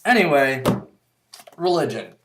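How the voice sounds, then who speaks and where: A man vlogging in a casual monologue, rambling and blunt, swearing freely and filling pauses with "uh" and "um". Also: fairly high pitch, very animated, noisy background. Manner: rambling, blunt and profane, with many fillers.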